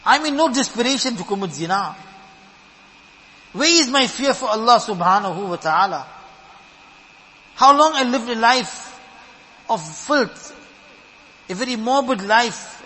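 A man's voice: very high voice, animated, unhurried, long pauses, pushed and bright, in a large hall, a little hiss or hum, heavily acted. A man in a sermon voicing a sinful man who is shaken by remorse, speaking in a self-reproaching way. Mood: remorseful.

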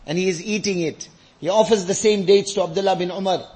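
High-voiced man preaching with passion. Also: steady tone, fast talker, darkish tone. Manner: impassioned, building to emotional peaks; mixes Arabic phrases into English. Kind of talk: sermon.

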